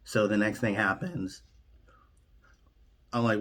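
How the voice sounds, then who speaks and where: A comedian telling an absurd story in a lively way, jumping in and out of quoted voices. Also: male voice, on the low side, normal speed. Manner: animated, jumps into quoted voices. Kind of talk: comic storytelling.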